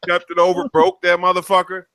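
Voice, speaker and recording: A man's voice: high voice, monotone, a little fast, a crowd in the background. A man calling in to a casual chat, laid-back and profane, joking with friends. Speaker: guest painter calling in.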